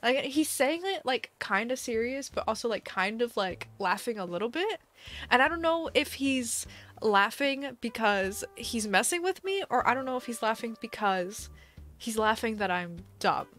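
A woman's voice: fairly high pitch, expressive, normal speed, a bit bright. A young woman streamer chatting casually to her live chat, laughing often and filling her talk with "like". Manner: giggly, chatty, lots of "like" fillers.

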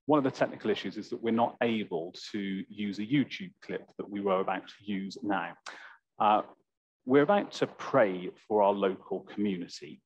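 A man preaching a sermon in church, slow and reflective, with a slightly croaky voice. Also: lowish voice, no room sound. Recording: dull, lo-fi church recording.

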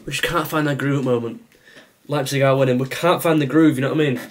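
A man's voice: mid-range voice, steady tone, quick pace. A man giving live commentary over his own football video game match, reacting and complaining as he plays. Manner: reactive, exasperated, talks to the game. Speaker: gaming YouTuber.

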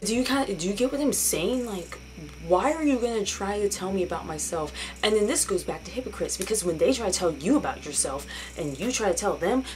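A woman's voice: mid-range voice, lively intonation, a little fast, darkish tone, a little hiss or hum, rough recording. A young woman ranting in a casual vlog, sarcastic and profane, slipping into mocking voices. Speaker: vlogger.

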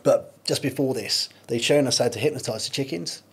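A man's voice: mid-range voice, brisk, a bit bright, husky. A man, a podcast guest, talking candidly in casual chat with many restarts and storytelling. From United Kingdom.

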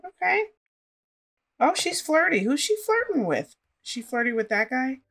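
A woman's voice: high-pitched, very animated, normal speed, fairly bright tone. A woman casually commenting on her life-simulation gameplay and chatting to her characters as she plays. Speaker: gaming channel host.

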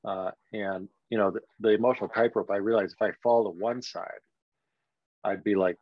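An older man tells a personal story on a podcast, pausing often and leaning on "you know" as he reflects. His voice sits low and gravelly, with a creaky edge. The recording is dry and a little dull, like a basic lo-fi setup. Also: steady tone, no room sound. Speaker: guest.

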